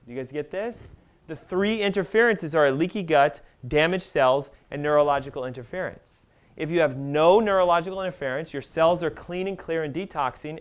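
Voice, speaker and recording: A man giving an animated health seminar to a live audience, talking fast and emphatically and firing questions at the room. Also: fairly high pitch. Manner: emphatic, rapid-fire, asks the audience questions.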